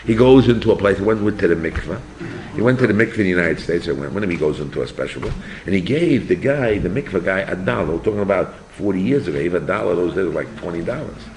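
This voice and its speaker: An older man, a rabbi, giving an animated yeshiva class and asking his students questions. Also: low voice, fast talker, a little hiss or hum. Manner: animated, asks the students questions, acts out voices. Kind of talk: yeshiva lecture.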